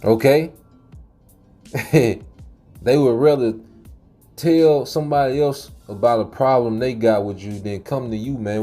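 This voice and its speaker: Preachy man with a dark mellow voice. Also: medium pitch, measured pace, long pauses, faint music behind. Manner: preachy, repeats "man" and "okay"; frequent laughs and fillers. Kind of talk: casual monologue.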